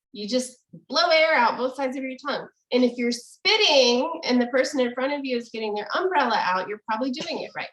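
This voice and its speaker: Chatty woman teaching over an echoey call. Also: a little high. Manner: explanatory, chatty, laughs easily. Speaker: language teacher. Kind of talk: casual online language lesson. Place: room with echo, video call. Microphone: video call.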